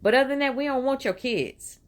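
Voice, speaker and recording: A woman's voice: high voice, brisk. A middle-aged woman telling a personal story in a casual, digressive way, with lots of "you know" and "right?", and putting on voices when she quotes people. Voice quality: animated, puts on voices when quoting people. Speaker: vlogger.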